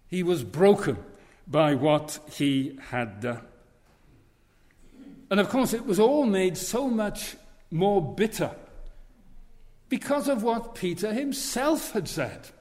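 A man's voice: on the high side, a little mellow. A man preaching a sermon in a church, earnest and leaning on repeated phrases. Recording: long reverb of a large hall.

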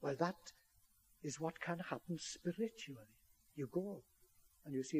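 A man preaches a sermon in a fairly high voice with a husky edge. He speaks earnestly and pushes into emphatic appeals to his listeners. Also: a little slow, long pauses, darkish tone.

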